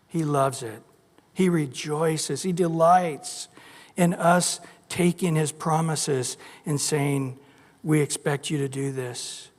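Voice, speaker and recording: In a church sanctuary, a pastor preaches a sermon in a high-sitting voice that echoes through a large hall. He tells stories animatedly and acts out the voices of the people he quotes.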